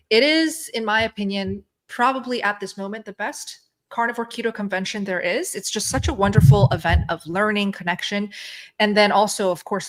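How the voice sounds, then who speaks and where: A woman hosting a live stream, reading viewer questions and answering in an upbeat way. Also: mid-range voice. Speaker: host.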